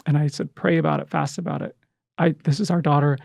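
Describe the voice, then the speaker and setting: Earnest man with a gravelly edge. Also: fairly high pitch, flat delivery, a little mellow, dry recording, clean studio sound. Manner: earnest, halting with many restarts and fillers. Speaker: podcast guest, adoptive father. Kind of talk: emotional storytelling in conversation.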